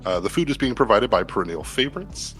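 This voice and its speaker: A man narrating as game master of a tabletop game, setting scenes in a relaxed, descriptive way with fillers, over light background music. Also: fairly low pitch, fast talker.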